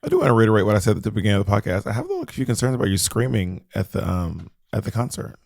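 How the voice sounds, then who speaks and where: A man's voice: fairly low pitch, sing-song, racing, gravelly, a little mellow, dry recording, clean studio sound. A man co-hosting a podcast, chipping in with brief, wry reactions in casual chat. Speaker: podcast co-host.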